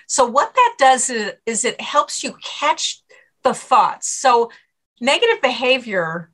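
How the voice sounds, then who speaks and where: A middle-aged woman, a stress coach, answering interview questions and telling lively anecdotes in which she acts out her own inner voice. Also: fairly high pitch, slow pace. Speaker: author and stress coach guest.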